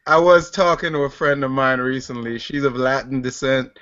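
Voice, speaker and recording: A man co-hosting a podcast, telling an anecdote in a relaxed way and laughing often. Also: mid-range voice, normal speed, clean tone, lo-fi sound. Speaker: podcast co-host. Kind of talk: casual storytelling.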